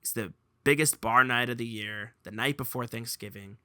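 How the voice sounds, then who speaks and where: A young man hosting a casual podcast chat, telling stories with lively, laughing energy. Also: medium pitch, moderate pace, dry recording, studio quality. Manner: animated storyteller, laughs while telling. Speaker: podcast host.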